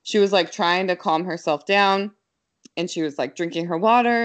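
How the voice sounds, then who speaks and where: A young adult woman casually telling a story, quick and animated, full of fillers. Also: on the low side.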